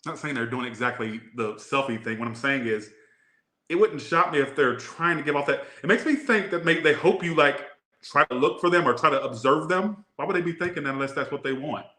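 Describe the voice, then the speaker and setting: Joking Southern man with a bright voice. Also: on the high side, brisk. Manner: joking, rambling, crude asides. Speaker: tarot reader. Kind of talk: casual tarot reading to camera. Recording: echoey room.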